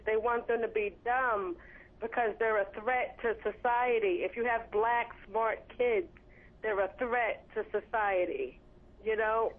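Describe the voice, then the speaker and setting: A woman calling in to a radio show, rambling and repeating herself with many fillers. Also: a little high. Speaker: caller. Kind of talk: call-in radio talk. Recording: phone line on radio.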